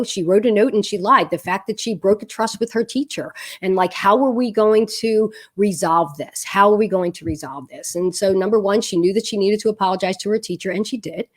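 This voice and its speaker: Lively middle-aged woman telling a story. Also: medium pitch. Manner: animated storyteller, laughs at her own tale. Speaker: parenting coach. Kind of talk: storytelling parenting advice video.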